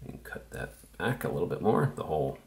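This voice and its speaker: Low-voiced man teaching a relaxed tutorial. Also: fairly quick, vocal fry, slight background noise. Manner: relaxed, easygoing, thinks aloud while working. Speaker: woodcarving instructor. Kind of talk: casual step-by-step tutorial.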